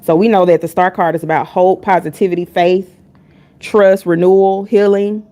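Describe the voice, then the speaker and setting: A woman's voice: on the low side, steady tone, moderate pace, warm tone. A woman reading tarot on a live stream, talking casually and bluntly. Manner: candid and blunt, chatting with chat between readings.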